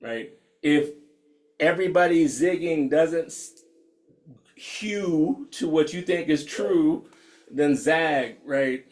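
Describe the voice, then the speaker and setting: Man in his fifties, slightly high voice, candid and laughing, casual meditation teaching, video call. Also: slow pace. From United States. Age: 50s. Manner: candid, laughs often, reads out attendees' comments.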